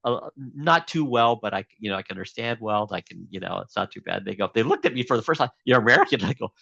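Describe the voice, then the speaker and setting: A man's voice: lowish voice, lively intonation, fast, gravelly, a bit bright, husky, no room sound, dull audio. A man being interviewed as a guest, telling a long story casually with many fillers and restarts.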